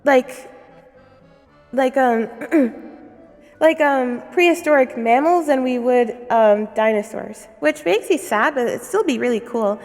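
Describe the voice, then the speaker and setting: A woman's voice: high-pitched, takes it slowly. A woman streamer with a sore throat giving a casual lesson, giggly and rambling. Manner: giggly, rambling, self-conscious. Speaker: streamer teaching as a bear character. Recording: long reverb with background music.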